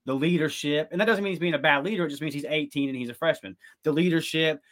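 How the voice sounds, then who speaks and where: A man co-hosting a sports talk show, making his case in an earnest, argumentative way with quick bursts of speech. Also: on the high side, a bit bright. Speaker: podcast co-host.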